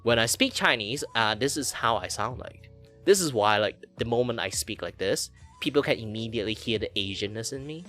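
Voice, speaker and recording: A man in his thirties from Malaysia chatting casually, jumping between low and high voices to show them off. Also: animated, brisk, a bit bright, faint music behind. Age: 30s. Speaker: VTuber guest or co-host. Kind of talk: casual chat.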